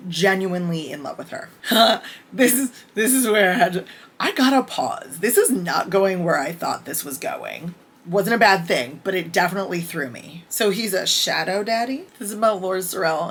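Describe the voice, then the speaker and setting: A woman giving a casual book review vlog, candid and excitable, reading out her notes with bursts of swearing. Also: lowish voice, slight background noise.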